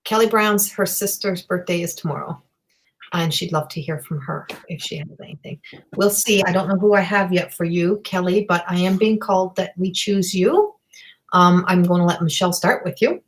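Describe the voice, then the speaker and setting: A middle-aged woman from Newfoundland hosting live psychic readings, talking in a halting, rambling way full of fillers. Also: fairly low pitch, a little hiss or hum.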